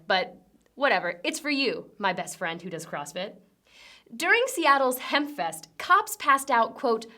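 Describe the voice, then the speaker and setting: A woman's voice: mid-range voice, sharp tone. A young woman hosting a comedic news rundown, delivering sarcastic punchy jokes. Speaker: host.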